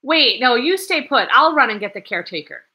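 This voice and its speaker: A woman reading aloud, voicing an eager, excitable young male student who reasons quickly and insistently. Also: a little high, slightly rough, voice pushed up, full character voice. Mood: urgent.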